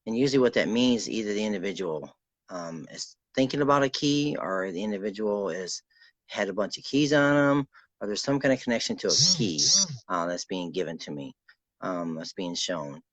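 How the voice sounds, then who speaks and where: A man acting as a spirit medium, guiding a sitter and calling out to spirits in a soft, reassuring way. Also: lowish voice, lively intonation, normal speed, no echo, dull audio. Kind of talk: guided spirit session.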